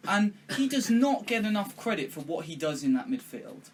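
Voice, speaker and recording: A man's voice: high voice, very animated, moderate pace, slight background noise. A man hosting a casual football podcast, talking passionately and emphatically with some swearing. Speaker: podcast host.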